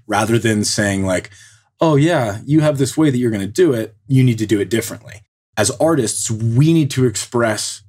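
Husky-voiced guy on a podcast, earnest and motivational, lays it out step by step. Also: fairly low pitch. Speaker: podcast co-host. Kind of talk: casual podcast chat giving advice.

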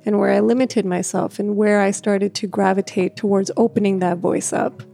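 Woman who stutters, candid and reflective, mellow tone over faint music. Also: mid-range voice, fairly even intonation, normal speed, gravelly. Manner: stutters, with repeated words and restarts; laughs often, speaks in a gentle, reflective way. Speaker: speaker sharing a personal story. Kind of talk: reflective personal talk.

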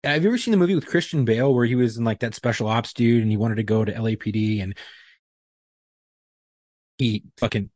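A man's voice: medium pitch, fairly quick, long pauses, darkish tone, dry recording, clean studio sound. A man co-hosting a podcast, telling stories in casual chat with heated, profane talk. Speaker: podcast co-host.

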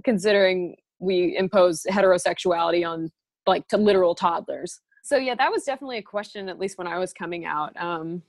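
Playful young woman podcast guest. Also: fairly low pitch. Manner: playful, quick quips. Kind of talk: casual podcast chat.

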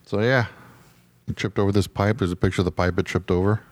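A man's voice: low-pitched, fairly even intonation, fast, no echo. A man hosting a podcast, chatting loosely and joking as he reads out a story. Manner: loose, joking, laughs easily. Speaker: podcast host. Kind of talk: casual chat.

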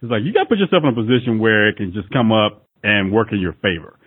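A man's voice: fairly low pitch, big pitch swings, fast talker, husky. A man chatting casually on a podcast, laughing often and playfully acting out bits of dialogue. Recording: narrow phone-like sound.

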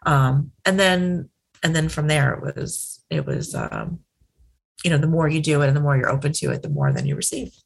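Interview guest: woman, psychic, deep gravelly voice, loose chatty delivery. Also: huge pitch swings, moderate pace. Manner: chatty, many fillers and restarts, acts out quoted exchanges. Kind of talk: conversational storytelling interview.

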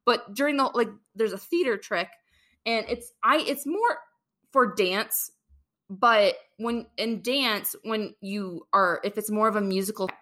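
A young woman hosts a casual podcast chat. Her voice is bright and clear, and she tells stories in an animated, chatty way. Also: mid-range voice, a little slow. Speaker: podcast host.

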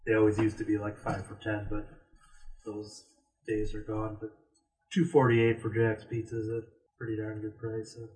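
A man's voice: on the low side, completely flat delivery, normal speed, darkish tone. A man co-hosting a casual podcast from a store, rambling with lots of fillers. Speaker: podcast co-host. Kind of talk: casual chat. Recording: distant from the mic.

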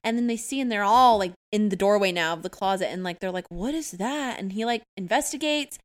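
A woman's voice: medium pitch, quick pace, smooth. A young woman co-hosting a podcast, chatting casually and acting out characters' lines as she retells a film. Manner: animated, acts out characters' lines in voices. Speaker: podcast co-host. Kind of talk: casual chat.

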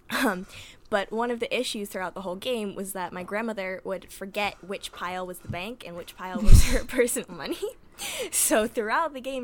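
A woman's voice: medium pitch, fairly bright tone, slight background noise. A young woman hosting a podcast, casually telling family stories with lots of giggles and filler words. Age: young adult. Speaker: podcast host. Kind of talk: casual storytelling.

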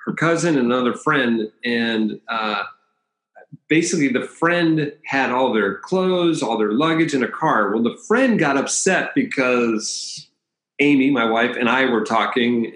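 A man in his fifties tells a personal story as a guest on a talk show. He rambles and corrects himself as he goes, keeping an easy, animated storyteller's flow. His voice sits at a middle pitch and carries a noticeable roomy echo. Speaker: podcast guest. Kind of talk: storytelling in conversation.

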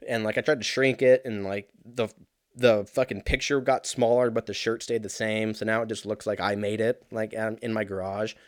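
A man in his early thirties telling a rambling, profane story in a casual, animated way, full of fillers. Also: fairly low pitch, normal speed, no echo, clean studio sound. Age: 30s.

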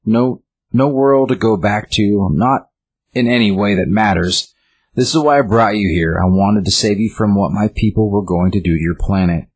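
A man with a low, husky voice reading out the measured, soothing farewell speech of a calm godlike man who has saved his friends from the world's end. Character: calm godlike male host ending the world.

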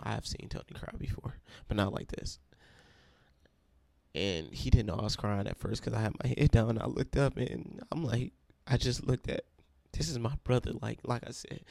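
A man's voice: mid-range voice, gravelly, darkish tone, no room sound. A young man giving an emotional testimony and then leading a prayer as a preacher. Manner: earnest, emotional storytelling.

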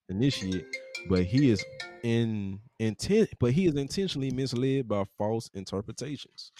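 A man with a low, mellow voice hosts a podcast, reading book passages aloud and breaking in with casual, profane remarks. The sound is dry and close, with no room behind it. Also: dry recording. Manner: casual, profane asides between quotes. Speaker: podcast host.

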